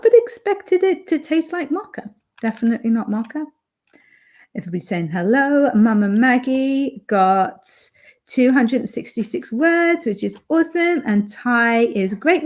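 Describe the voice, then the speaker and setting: Speaking from home on a live stream, this UK woman has a fairly high, slightly mellow voice. She reads her viewers' messages out loud in a relaxed, chatty way, leaning heavily on fillers.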